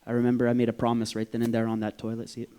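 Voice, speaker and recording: A man, from Vancouver, telling a personal story on stage in an animated, profane way, acting out the voices. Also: mid-range voice, very fast, clean tone. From Vancouver, Canada.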